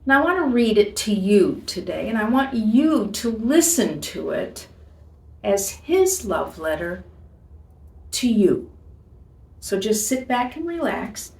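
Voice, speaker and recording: A woman giving a devotional reading and teaching, speaking slowly and gently, with emphatic pauses. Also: medium pitch, sing-song, gravelly. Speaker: ministry leader. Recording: echoey room, voice from a distance.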